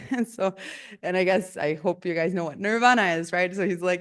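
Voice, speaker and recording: A woman's voice: fairly low pitch, moderate pace. A woman telling a story in a chatty, casual way, laughing often and using many fillers.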